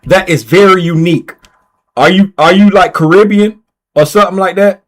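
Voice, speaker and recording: A man with a notably high voice chats loosely on a livestream. He reads viewers' names and questions out loud, often saying things twice. He teases the audience in a relaxed, offhand way. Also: normal speed. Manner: reads viewer names aloud and repeats himself while typing; playful, teasing. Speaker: livestream host running a giveaway. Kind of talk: casual livestream chat.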